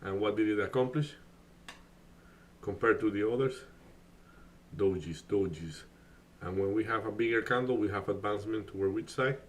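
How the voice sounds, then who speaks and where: A man whose first language is Spanish talks casually on a live stream. His voice sits a little low, and he rambles, restarting his sentences and filling the gaps with "like". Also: normal speed, long pauses. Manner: rambling, many fillers and restarts. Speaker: day trading streamer.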